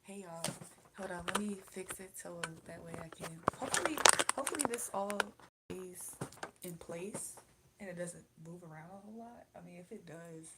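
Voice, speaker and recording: Tired, chatty young woman with a low voice. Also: moderate pace, heavy background noise. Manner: chatty and rambling, addresses viewers directly. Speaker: livestream host. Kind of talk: casual chat. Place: indoors at home.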